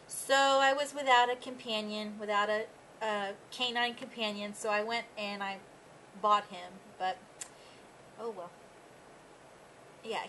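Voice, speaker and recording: Young woman, casual pet vlog, bright voice, light background hiss. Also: poor audio. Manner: chatty, with high baby talk to her dogs. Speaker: pet vlogger. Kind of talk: casual chat, reading tag questions aloud.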